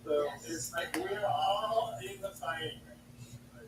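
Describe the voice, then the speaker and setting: A man co-hosting a livestream, chiming in with quick, agreeable remarks in casual chat. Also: sits high. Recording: roomy, distant mic with noise.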